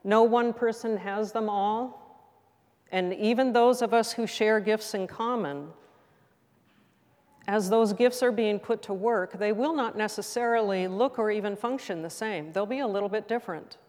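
A middle-aged woman pastor delivering a sermon in a gentle, reflective, measured way. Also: mid-range voice. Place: church sanctuary. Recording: long hall reverb.

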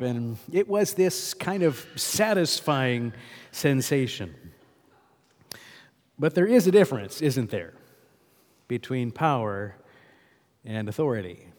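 A man's voice: medium pitch, a little mellow, in a large hall. A male pastor giving a sermon in a conversational way, often asking the congregation questions.

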